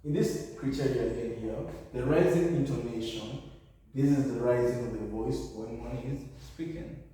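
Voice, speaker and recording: A Kenyan teacher with a mellow, medium-pitched voice gives a revision lesson at a moderate pace. He explains step by step, often correcting himself. The recording sounds echoey, with him far from the mic.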